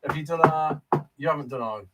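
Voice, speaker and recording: A man's voice: fairly high pitch, fairly quick, loud music behind the voice. A man chiming in from across the room, teasing a co-worker into telling a story. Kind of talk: casual chat.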